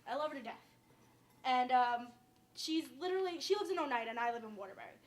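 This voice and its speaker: A woman's voice: high-pitched, lively intonation, quick pace. Chatty young woman with New York accent. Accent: downstate New York. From Westchester, New York. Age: young adult. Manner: chatty, rambling, says "like" often. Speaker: cooking show host. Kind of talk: casual cooking demonstration.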